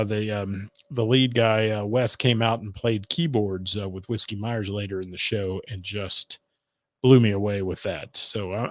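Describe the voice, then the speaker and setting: A man's voice: mid-range voice, dry recording, studio quality. A man hosting a music radio show, chatting casually and rambling with lots of fillers while he thanks viewers for their comments. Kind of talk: casual live-stream chat, reading viewer comments.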